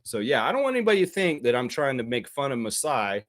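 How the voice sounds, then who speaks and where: Animated man hosting a live sports stream. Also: mid-range voice. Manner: animated, excitable, quick to laugh at his own bits. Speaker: livestream basketball show host. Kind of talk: casual live-stream chat reading comments.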